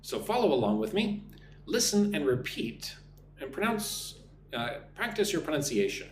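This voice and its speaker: A man from the United States teaching an English lesson on a live stream, speaking slowly and clearly for learners. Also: fairly high pitch, big pitch swings, reverberant, background noise. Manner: slow, clear drill phrasing for learners.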